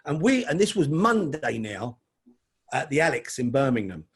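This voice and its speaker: A man's voice: medium pitch, big pitch swings, moderate pace, husky. A middle-aged man, telling stories as an interview guest in a chatty way. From London. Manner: chatty, calls the host mate. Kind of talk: casual storytelling.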